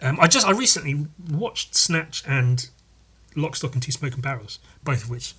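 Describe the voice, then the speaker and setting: A man's voice: fairly high pitch, animated, moderate pace, pushed and bright, slightly rough. A man hosting a podcast, reading through a comic book in a casual, rambling, sweary way. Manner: rambling, sweary, laughing often. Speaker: podcast host.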